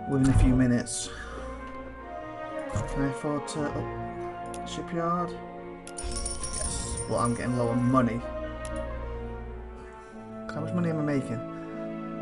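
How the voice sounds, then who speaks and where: Gravelly rambling gameplay commentator, a man. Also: medium pitch. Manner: rambling, talks fast, thinks aloud. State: throat dry, clearing it often. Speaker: let's play host.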